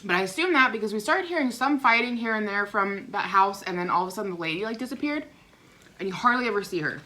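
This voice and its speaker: A young woman telling a rambling neighbor story in a casual vlog, chatty and animated. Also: mid-range voice, fast, a little hiss or hum. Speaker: vlogger. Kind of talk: casual storytime while eating.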